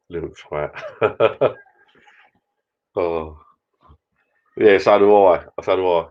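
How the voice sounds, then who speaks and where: A man's voice: low voice, extremely slow, pauses often. A man hosting a casual live chat, full of cheeky banter and light swearing. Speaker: livestream host. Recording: dull lo-fi sound.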